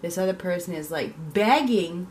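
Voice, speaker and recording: A woman's voice: on the low side, normal speed, darkish tone, slight background noise. A woman giving a casual tarot reading, chatty and repetitive, sometimes acting out the reactions she describes. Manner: chatty, repeats herself, acts out quoted reactions. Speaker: tarot reader.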